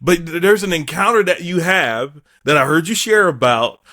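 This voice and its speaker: A man hosting a podcast, asking questions in a relaxed, conversational way and affirming his guest with short replies. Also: fairly high pitch, moderate pace. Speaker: podcast host. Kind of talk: conversational interview.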